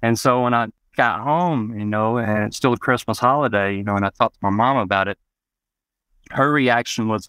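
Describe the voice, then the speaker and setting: A man's voice: medium pitch, moderate pace, fairly bright tone, clean tone, no room sound. A man from Arkansas, telling personal memories as an interview guest, rambling with many "you know" asides.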